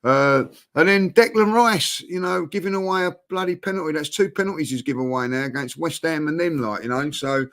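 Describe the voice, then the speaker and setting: A man's voice: a little high, steady tone, fast, hardly any pauses, a bit bright. A man, tired out, chatting bluntly and animatedly about football as co-host. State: exhausted. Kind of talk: casual football chat.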